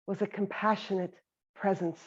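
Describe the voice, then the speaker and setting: A woman meditation teacher giving a gentle, reflective talk on compassionate listening. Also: medium pitch, level tone, normal speed, breathy edge. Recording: slightly dull lo-fi sound.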